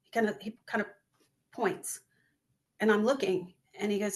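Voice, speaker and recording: A woman's voice: medium pitch, fairly even intonation, normal speed. A woman who founded a relief charity, answering interview questions in an earnest, heartfelt way and acting out the words of people she quotes. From northwest North Carolina. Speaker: guest, business owner and charity founder. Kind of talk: interview answers, personal storytelling.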